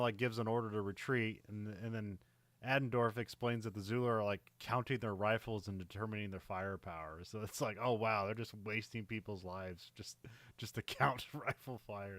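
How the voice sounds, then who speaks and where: A man with a fairly low voice talks through the scenes of an old war film, padding his sentences with fillers and little laughs. His voice sounds dry and close to the mic. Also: fairly even intonation, fairly quick, fairly bright tone, no room sound. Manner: rambling, many fillers and laughs. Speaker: podcast co-host. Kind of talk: casual movie recap chat.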